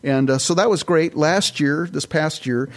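A man's voice: fairly high pitch, moderate pace. Man preaching a folksy, rambling sermon. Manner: folksy, rambling anecdotes with frequent restarts. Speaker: pastor. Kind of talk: conversational sermon.

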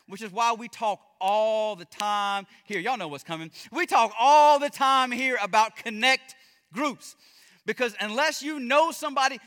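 A man preaching a sermon as pastor, impassioned, swinging between loud emphasis and hushed, drawn-out lines. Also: very high-pitched, in a large hall.

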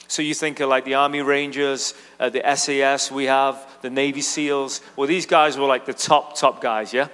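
The pastor's delivery is flat and at normal speed with hardly any pauses, his medium-pitched voice a bit bright, clear and resonant. In the church auditorium's long, large-hall reverb, he preaches by telling a chatty story and speaking aside to the congregation frequently.

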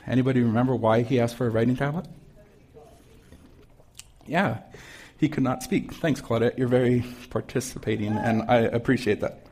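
A middle-aged man preaching a casual Sunday sermon, mixing scripture reading with chatty asides. His voice sits at a middle pitch. He keeps drawing the congregation in with questions. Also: steady tone, moderate pace, pauses often, darkish tone. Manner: conversational, asks the congregation questions. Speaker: pastor.

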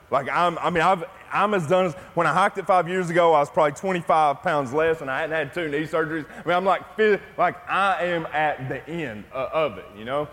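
A middle-aged man preaching a sermon as pastor, telling a personal story in a conversational way before speaking of the gospel. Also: on the high side. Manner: storytelling, conversational, then hushed and intimate in prayer. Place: church sanctuary. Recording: long church reverb.

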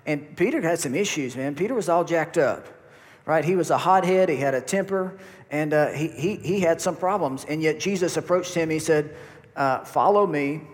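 Folksy preacher in a big hall. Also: male voice, fairly high pitch, normal speed. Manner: folksy, repeats words, talks to congregation. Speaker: pastor. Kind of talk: sermon. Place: church hall. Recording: long reverb of a church hall.

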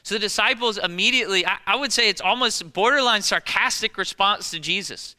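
A man preaching a sermon as a pastor, animated and conversational, with lots of rhetorical questions. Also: high voice, fairly quick, hardly any pauses, clean tone, in a large hall.

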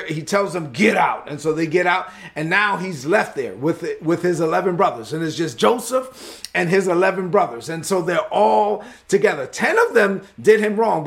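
A man preaching to his congregation, his voice pitched high and carrying a gravelly edge. He tells the story with animated energy and pushes higher and louder at its emotional peaks. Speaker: pastor. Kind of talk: sermon.

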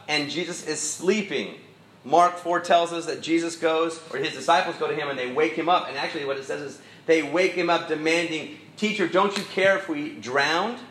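A man's voice: a little high, fairly bright tone, echoey room, low-quality recording. A middle-aged man preaching a sermon in an easygoing, storytelling way with self-deprecating asides. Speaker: pastor.

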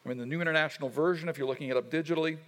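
A man's voice: fairly high pitch, steady tone, racing, a bit bright. A man preaching a sermon as pastor, reading scripture and having the congregation repeat lines back, in a conversational, unpolished way. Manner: leads the congregation in call-and-response repetition; conversational, with fillers and restarts. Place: church sanctuary. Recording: long hall reverb.

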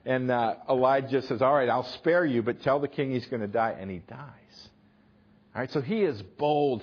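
A man preaching a sermon, retelling the story with animated, emphatic bursts. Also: medium pitch, slightly rough, highs cut off. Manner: animated, emphatic retelling with sudden loud punches.

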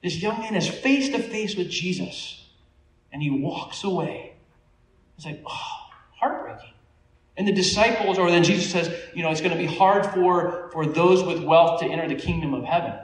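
A man preaching a sermon, telling stories in a conversational, animated way with small laughs. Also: high voice, normal speed, slight background noise. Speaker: pastor. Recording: echoey room, voice from a distance.

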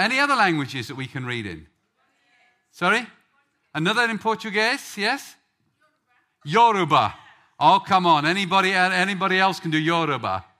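A man's voice: high voice, bright, forceful tone. A man from England preaching a sermon, joking with the congregation before telling a story. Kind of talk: sermon with audience banter.

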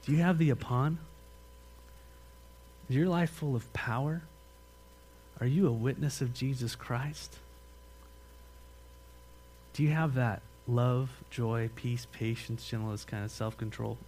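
A man pastor preaching a sermon in a church, speaking emphatically and conversationally with questions to the congregation, then praying softly. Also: mid-range voice, unhurried, long pauses, slight background noise. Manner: drops to a soft, earnest tone in prayer. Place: church sanctuary.

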